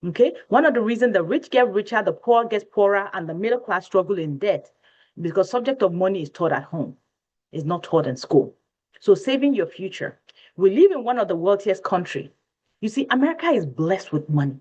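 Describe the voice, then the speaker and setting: Lively seminar presenter. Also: mid-range voice, a little fast. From West Africa. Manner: preachy, repeats points, asks the audience rhetorical questions. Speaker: financial education presenter. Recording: dull lo-fi recording.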